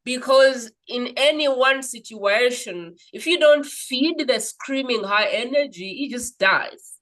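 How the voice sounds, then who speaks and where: A woman hosting a podcast in casual conversation, animated and rambling, acting out little quoted scenes. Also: on the high side, measured pace, poor audio. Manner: animated storyteller, acts out quoted voices; rambling, restarts. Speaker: podcast host.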